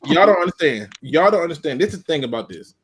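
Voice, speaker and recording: A man's voice: on the high side, sing-song, fast talker, breathy edge. A man co-hosting a casual sports podcast, emphatic and fond of repeating phrases for effect. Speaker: podcast co-host.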